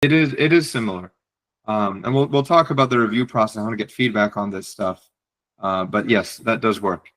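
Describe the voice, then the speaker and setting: A man's voice: lowish voice, fairly quick, a bit bright, low-quality recording. Man giving direct advice in a webinar. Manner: direct, encouraging, repeats words. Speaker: webinar presenter, psychiatry fellow. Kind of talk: advice lecture on writing.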